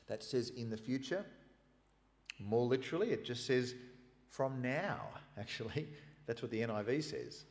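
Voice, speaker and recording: Animated preacher man in echoing hall. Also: mid-range voice, unhurried. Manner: animated, emphatic storytelling with asides. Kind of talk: sermon reading scripture. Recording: long reverb of a large hall.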